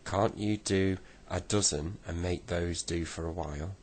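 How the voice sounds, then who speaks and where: A man voicing a vain, friendly male rabbit who runs a garage, flattering and pleased with himself. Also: low-pitched, a little slow.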